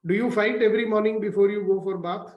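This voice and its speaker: A man's voice: sits high, fast, reverberant, highs cut off. A man with an Indian English accent, coaching people over a video call in a teasing, questioning way, telling little stories. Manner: teasing, questioning, lively storyteller. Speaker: leadership coach hosting a morning call. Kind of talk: conversational coaching talk.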